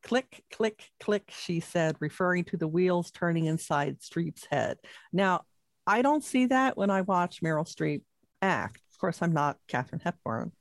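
A woman with a fairly low voice co-hosts a casual talk show. She speaks in a measured, conversational way, and the recording is dry with no room echo. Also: expressive, creaky. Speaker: co-host. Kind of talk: casual chat.

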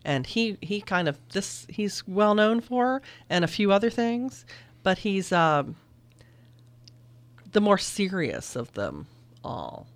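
A woman's voice: mid-range voice, sing-song, slow pace. A middle-aged woman who teaches film, talking it over casually and thoughtfully and laughing easily. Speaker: film instructor and guest.

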